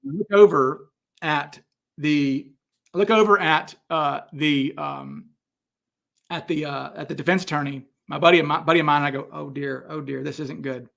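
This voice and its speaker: A middle-aged man with a gravelly voice pitched a bit high hosts a casual question-and-answer stream. He tells stories in an animated way, stopping and restarting often with plenty of fillers. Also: moderate pace. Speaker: host answering viewer questions. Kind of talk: casual livestream Q&A.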